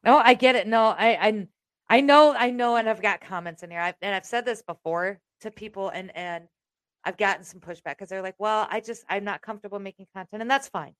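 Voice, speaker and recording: A woman hosting a casual chat, talking emphatically in halting bursts and often restarting. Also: medium pitch, no echo, clean studio sound.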